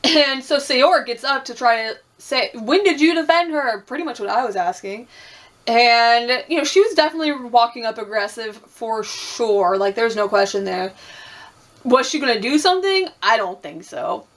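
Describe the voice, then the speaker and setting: A woman's voice: on the high side, lively intonation, normal speed, fairly bright tone. A young woman chatting casually through a reality TV recap, swearing freely, acting out quotes and laughing often. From Puerto Rican and Cuban heritage.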